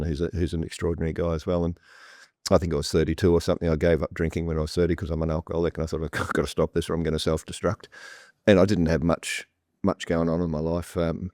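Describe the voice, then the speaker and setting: A man's voice: low voice, a little mellow, no room sound, clean studio sound. A man talking as a guest on a property panel, telling stories bluntly with lots of restarts. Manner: repetitive restarts, blunt and plain-spoken. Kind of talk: conversational storytelling on a panel. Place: room with a live audience.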